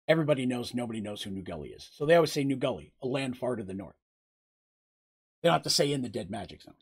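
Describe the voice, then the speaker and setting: A man's voice: mid-range voice, very animated, fast, slightly rough. A man narrating a tabletop game as game master, in a loose, rambling way.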